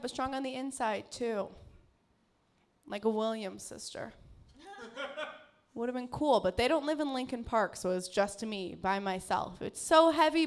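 A woman doing a stand-up comedy set on a club stage, often laughing at her own jokes. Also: fairly high pitch.

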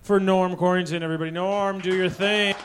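A man's voice: high voice, steady tone, brisk, a little hiss or hum. A man hosting a comedy show who introduces the next comic to the stage and hypes up the crowd in an upbeat way. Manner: upbeat, hyping up the guest. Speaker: show host.

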